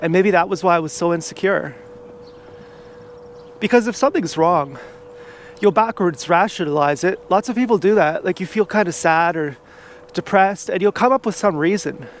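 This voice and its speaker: Man, high-pitched, casual vlog monologue, rambling with lots of fillers, outdoors, faint background noise. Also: moderate pace. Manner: rambling, heavy on "like" and restarts. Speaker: vlogger. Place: outdoors riding an e-bike.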